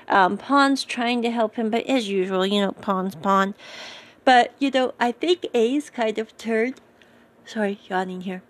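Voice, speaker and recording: A woman giving a casual episode recap, chatty and digressive, often correcting herself and drifting into asides. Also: mid-range voice. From United States.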